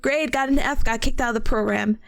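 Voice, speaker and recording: A woman's voice: a little high, fairly quick, creaky, dry recording, faint music behind. A young woman streaming live in a casual chat, who giggles and laughs often. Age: young adult.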